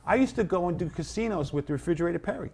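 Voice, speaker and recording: A man in his sixties, a comedian guest telling stories in an animated way and acting out his bits. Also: sits high, racing, breathy edge. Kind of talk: casual storytelling.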